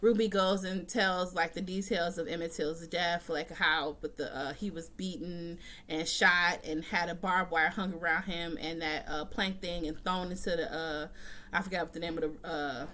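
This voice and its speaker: Her voice sits on the low side, steady yet pushed and bright, moving at a moderate pace. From a room at home, this TV recap vlogger chats casually about an episode, blunt and frequently profane.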